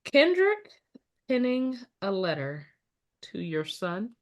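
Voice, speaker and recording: A woman co-hosting a podcast who talks in an expressive way and hollers while retelling her reactions. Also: mid-range voice, slow. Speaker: podcast co-host. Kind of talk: casual chat.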